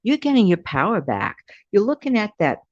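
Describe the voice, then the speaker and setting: A woman talks straight to her viewers, chatty and emphatic, often doubling back to repeat a point. Her pitch rises and falls in lively swings. The sound is dry and a little dull, like a lo-fi home recording. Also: a little fast, no room sound. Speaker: host. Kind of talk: casual advice talk to viewers.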